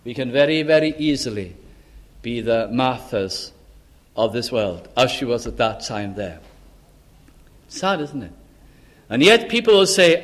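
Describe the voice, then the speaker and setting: Older man, preacher, earnest sermon, fairly high voice, loud scripture then quiet asides. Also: lively intonation, moderate pace. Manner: earnest, rises for scripture, drops low and soft for emphasis.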